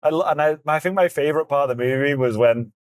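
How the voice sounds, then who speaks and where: A man's voice: a little high, fast talker, clean tone, no echo, studio quality. A middle-aged man co-hosting a podcast, chatting casually, rambling and trailing off with frequent laughs. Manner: rambling, laughs often, trails off mid-sentence. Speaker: podcast co-host. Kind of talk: casual chat.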